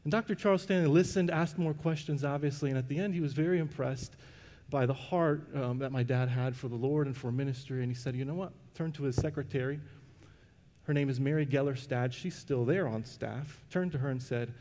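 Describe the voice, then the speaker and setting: Pastor preaching in a reverberant hall. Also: male voice, medium pitch, fairly quick, dark tone. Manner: conversational, with frequent restarts and fillers. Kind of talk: sermon with personal storytelling. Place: church sanctuary. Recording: long reverb of a church hall.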